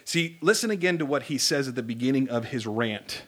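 A male pastor preaching a sermon in an animated, conversational way, with humorous asides. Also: medium pitch, a little fast.

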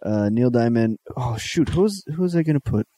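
A man's voice: mid-range voice, animated, normal speed, warm tone, no echo. A man co-hosting a podcast in casual chat, hesitant and full of ums and uhs. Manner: hesitant, plenty of ums and uhs, laughs easily. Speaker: podcast co-host.

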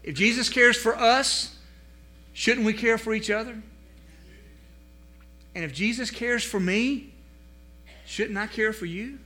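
A man preaching a sermon as pastor, swinging from loud emphatic rises to quiet low passages. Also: takes it slowly, pauses often.

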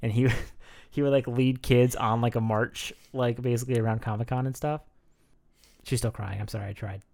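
Here a male podcast co-host talks a little fast in a medium-pitched voice. His easygoing, chatty conversation involves reading facts aloud with laughing asides.

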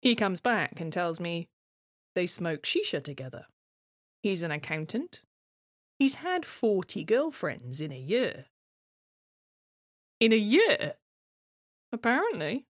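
A woman's voice: lowish voice, sing-song, a little slow, no room sound, clean studio sound. A woman performing a scripted first-person monologue in a wry, reflective, conversational way.

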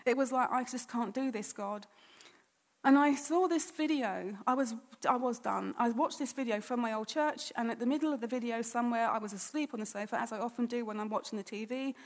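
A woman's voice: a little high, fast talker, hardly any pauses, in a large hall. A woman giving a personal testimony at church, telling her story conversationally and acting out her own past thoughts and words.

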